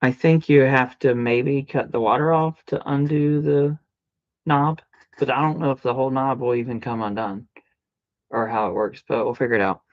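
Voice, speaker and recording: A man's voice: mid-range voice, fairly even intonation, normal speed, dull audio. A man chatting casually during a live game stream, playfully over-dramatic and humming little tunes between lines. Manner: chatty, mock-dramatic, humming and singing sound effects. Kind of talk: casual live-stream chat while gaming.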